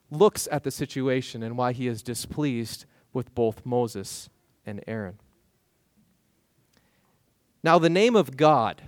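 Animated male pastor preaching, dry sound. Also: on the high side, no echo. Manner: animated, acts out voices of biblical figures. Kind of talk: sermon.

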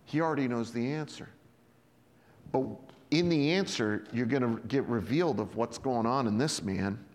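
A man's voice: mid-range voice, expressive, normal speed, in a large hall. A man preaching a sermon in a conversational way, acting out the Bible scenes in quoted voices. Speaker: pastor.

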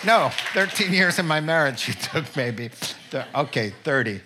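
A man's voice: a little high, expressive, normal speed, heavy background noise. A middle-aged man preaching a humorous sermon, telling stories and joking directly with his listeners. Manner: joking, storytelling, addresses the audience directly. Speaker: pastor.

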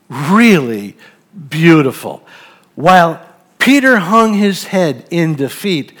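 A man's voice: high voice, fairly bright tone. A man preaching a sermon, reading a Bible passage and then reflecting on it in an earnest, thoughtful way.

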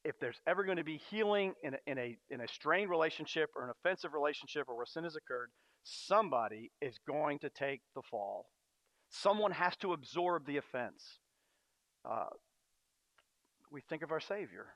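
A man preaching a sermon as a pastor, earnest and storytelling, often pausing on fillers. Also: on the high side, expressive, a bit bright, dry recording. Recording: dry, dull lo-fi sound.

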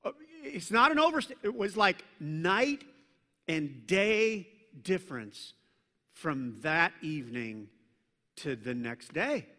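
Animated male pastor in a reverberant church. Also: fairly high pitch, takes it slowly. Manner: animated, playful storytelling with sudden loud mock commands. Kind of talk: sermon. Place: church sanctuary. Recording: long reverb from a large church hall.

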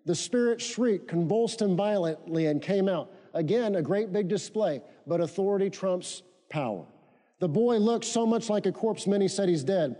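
A man's voice: sits high, animated, moderate pace, dark tone. A male pastor preaching a sermon, repeating key phrases for emphasis and leading his congregation in call-and-response. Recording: long reverb of a church hall.

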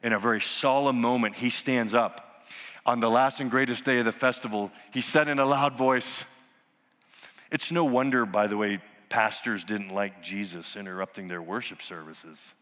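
A pastor preaching a sermon, with dramatic swings from loud exclamations to hushed, near-whispered lines. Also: male voice, medium pitch, steady tone, moderate pace. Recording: long hall reverb.

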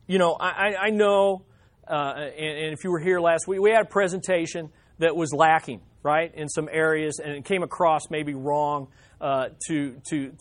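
A male preacher giving a conversational Bible teaching, often putting questions to his listeners. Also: a little high.

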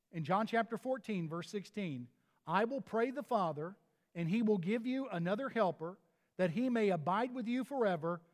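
A man's voice: high voice, in a large hall. A pastor delivering a sermon in an earnest manner, often restarting his phrases.

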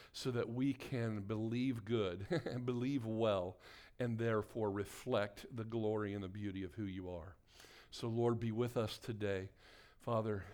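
Speaking at medium pitch with a clear, resonant tone, a male pastor leads his congregation through a sermon and prayer in the church sanctuary. His call-and-response style, punctuated by requests for amens, rises to emphatic exhortation.

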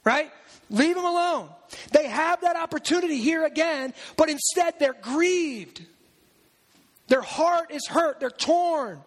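A man delivers a sermon with a strikingly high voice. He talks to the congregation in a loose, conversational way, tossing in asides and acting out little quotes as he goes. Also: slow pace. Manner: animated, conversational preaching with asides and acted-out quotes. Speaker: preacher.

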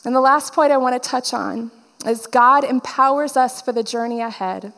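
A woman's voice: high voice, normal speed, fairly bright tone, big-room sound. A woman preacher giving a personal testimony sermon, telling her story and acting out the dialogue.

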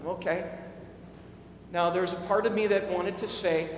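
A man's voice: high voice, fairly even intonation, a little slow. A male pastor preaching a sermon, telling a story in a conversational way with many restarts. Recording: echoey hall with faint ambience.

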